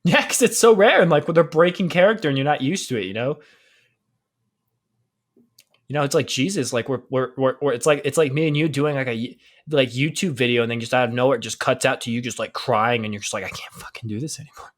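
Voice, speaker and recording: A man's voice: medium pitch, quick pace. A young man co-hosting a podcast, chatting casually, rambling with lots of fillers and restarts and laughing often. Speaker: podcast co-host. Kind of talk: casual chat.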